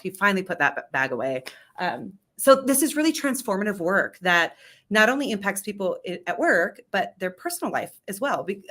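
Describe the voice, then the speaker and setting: A woman with a slightly low voice speaks as a leadership coach in an interview. She talks candidly and with emphasis, often tagging her points with "right?" to pull the listener along. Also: a bit bright. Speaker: leadership coach and business founder. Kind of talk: storytelling in an interview.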